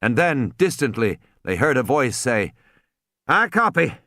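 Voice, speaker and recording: A man reading an audiobook aloud in an expressive, dramatic narration. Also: mid-range voice, normal speed, no echo, clean studio sound. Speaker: audiobook reader. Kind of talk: scripted narration.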